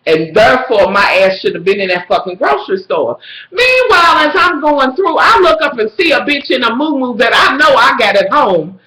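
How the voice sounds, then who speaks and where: A woman telling a profane, dramatic story to her viewers, swinging between shrill squeals and low mutters. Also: expressive, moderate pace, sharp tone, roomy sound, rough recording. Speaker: vlogger. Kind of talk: profane storytelling rant to camera.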